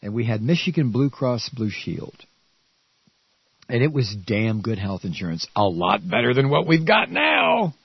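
A man rants on the radio in a lively, swooping voice that climbs into shouts. His tone is a little husky and he stumbles over his words. The sound is dull and dry. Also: medium pitch, a little slow, no echo. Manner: angry, stammering, shouting outbursts. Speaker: radio talk host. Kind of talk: political rant.

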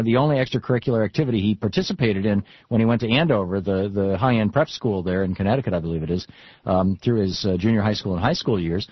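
A man hosting a radio talk show, opinionated and quick to argue his point. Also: fairly low pitch, husky, dry recording. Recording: dull, dry studio sound.

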